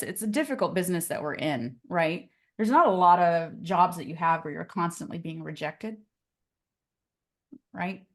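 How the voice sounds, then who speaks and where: A woman teaching real estate agents on a live video call. Her delivery is energetic and chatty, scattered with "like" and "okay?" as she pushes the group along. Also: on the low side. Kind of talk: live online class coaching.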